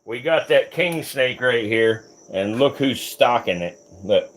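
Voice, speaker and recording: Man, reptile stream host, slow easygoing talk, lively pitch, casual and profane. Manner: casual, swears, coos at snakes. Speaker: reptile keeper and livestream host. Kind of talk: casual livestream chat.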